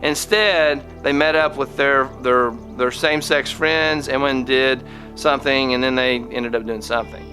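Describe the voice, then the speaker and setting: A man's voice: mid-range voice, fairly even intonation, sharp tone, soft background music. A man hosting a podcast, giving a casual spoken lesson, often restarting his sentences and acting out the quoted lines. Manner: halting, many restarts, acts out quoted lines. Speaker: podcast host.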